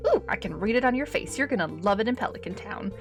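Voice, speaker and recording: A woman's voice: medium pitch, expressive, fast, vocal fry, music in the background. A woman reading as a cheerful saloon worker. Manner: plain read-aloud of game text.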